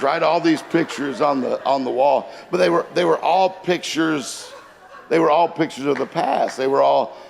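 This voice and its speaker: A man delivers a humorous motivational seminar, telling one anecdote after another. His voice has a rough, gravelly edge. Long reverb trails each phrase through the church auditorium. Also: medium pitch. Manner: anecdotal storytelling with jokes. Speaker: motivational speaker. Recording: long hall reverb from a large room.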